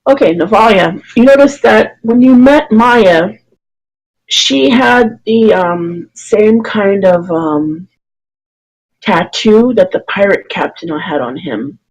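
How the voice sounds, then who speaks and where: A woman narrating a tabletop game as dungeon master, pausing often to find her words. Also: mid-range voice, expressive, darkish tone, low-quality recording. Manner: hesitant, many fillers and restarts while describing.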